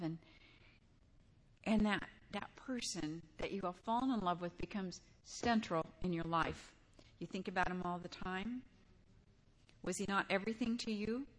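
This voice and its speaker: A woman's voice: mid-range voice, fairly bright tone. An older woman preaching a sermon in a conversational way, weaving in personal stories and asking her listeners direct questions.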